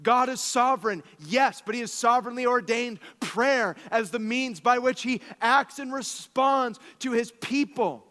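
A man in his thirties, a pastor preaching a sermon, telling stories with animated swings from soft asides to exclamations. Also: extremely high pitch, unhurried, hardly any pauses, long reverb tail.

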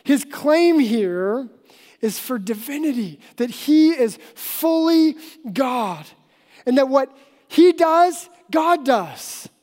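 A woman pastor preaching a sermon, explaining earnestly and slowing down for emphasis. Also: sits high, expressive, darkish tone. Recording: long hall reverb.

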